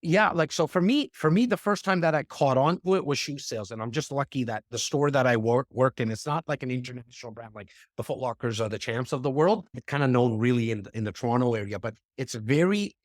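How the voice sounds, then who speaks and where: A man speaking as a podcast guest in a casual, animated conversation, often repeating words as he talks. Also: mid-range voice, fairly quick, few pauses, no echo, studio quality. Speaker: real estate investor and speaker. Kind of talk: casual interview chat.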